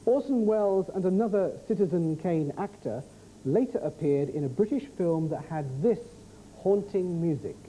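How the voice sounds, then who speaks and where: A man hosting a TV quiz show, reading questions with brisk, jokey patter. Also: sits high, expressive, rough recording.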